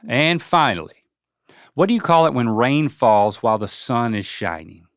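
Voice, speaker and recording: A man's voice: mid-range voice, sing-song, moderate pace, a bit bright, no room sound, studio quality. A young man hosting a casual chat, quizzing his father and joking playfully as he rattles off lists. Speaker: podcast host. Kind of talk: casual chat, quiz questions.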